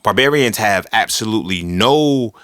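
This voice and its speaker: Low-pitched guy riffing solo on his podcast, swears a lot, keeps going "you feel me", dry sound. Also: expressive, normal speed, fairly bright tone, smooth, no echo. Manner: rambling, profane, emphatic; frequent 'you feel me' asides. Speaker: podcast host. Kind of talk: casual solo monologue.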